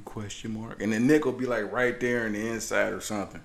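A man's voice: fairly low pitch, a little fast, few pauses. A man telling a comic story on a podcast as co-host, rambling and laughing often.

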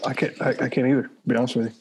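A man co-hosting a casual beer podcast, talking in halting, restarting phrases. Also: mid-range voice, little pitch movement, gravelly, noisy background. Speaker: podcast co-host. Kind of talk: casual beer-tasting chat.

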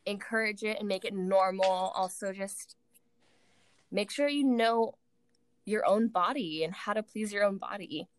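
Woman, mid pitch, rambling casual co-host, dry close sound. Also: a little slow, no echo. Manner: rambling, hesitant, many fillers. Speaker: podcast co-host. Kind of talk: casual chat.

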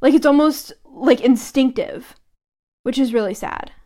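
A woman's voice: high-pitched, measured pace, warm tone. A woman co-hosting a podcast, chatting casually and reading book passages aloud. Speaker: podcast co-host.

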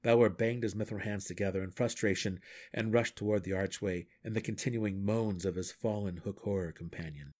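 A man reading a fantasy novel aloud in steady, measured storytelling. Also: on the low side. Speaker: audiobook reader. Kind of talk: fan audiobook narration.

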